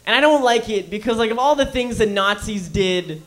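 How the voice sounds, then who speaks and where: A man's voice: high-pitched, lively intonation, moderate pace, fairly bright tone. A man performing a crude, rambling stand-up comedy set on a club stage.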